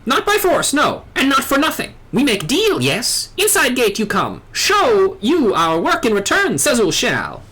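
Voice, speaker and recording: A woman's voice: fairly high pitch, wildly swooping pitch, a little slow, hardly any pauses, fairly bright tone, breathy edge, heavily acted. Sezul, a woman doing a squawking bird-man. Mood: squawking, scolding. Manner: screeching squawks, broken backwards word order. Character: excitable squawking male bird-man tinkerer.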